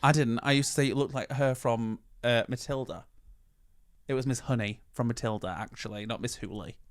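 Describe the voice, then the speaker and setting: Teasing young man, softened Yorkshire accent. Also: medium pitch, a little fast, no room sound, studio quality. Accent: Yorkshire, softened by years in London. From Yorkshire, England. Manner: teasing, sarcastic, swears casually. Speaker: podcast co-host. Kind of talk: casual chat.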